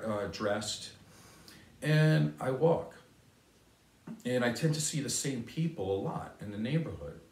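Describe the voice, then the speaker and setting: Brief: older male speaker, earnest motivational talk, mid pitch, roomy, mic at a distance. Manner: earnest and conversational, repeats key phrases. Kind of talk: motivational talk with a personal story.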